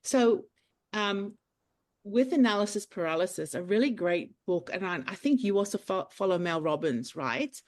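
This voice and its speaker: A woman, a clinic owner talking as a podcast guest, animated, acting out the voices in her stories. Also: mid-range voice, normal speed. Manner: animated storyteller, acts out quotes. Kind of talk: casual interview chat.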